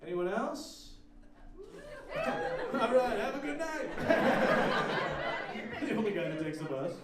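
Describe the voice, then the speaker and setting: A man doing stand-up, telling stories and acting out the strangers he met in quick asides. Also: very high-pitched, wildly swooping pitch, heavy background noise. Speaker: stand-up comedian. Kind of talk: stand-up set. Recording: roomy, distant mic with loud crowd. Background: audience laughter.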